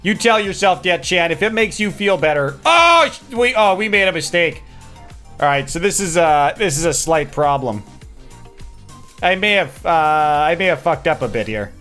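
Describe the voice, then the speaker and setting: Brief: self-deprecating male streamer from Wisconsin, casual game commentary, slightly raised pitch. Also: expressive, moderate pace, bright, forceful tone, soft background music. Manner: chatty, self-deprecating, thinking aloud.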